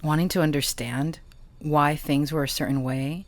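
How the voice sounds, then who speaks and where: A woman giving a tarot reading, talking softly and emotionally, with halting pauses. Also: low voice, fairly even intonation, dry recording. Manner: slow, soft, emotional and halting. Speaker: tarot reader and channeler.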